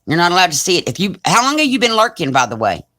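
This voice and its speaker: A woman's voice: fairly low pitch, sing-song, fast, bright, forceful tone. A woman in her forties with a Southern US accent, chatting casually on a crafting live stream and reading comments aloud. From Alabama, US. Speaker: crafting channel host.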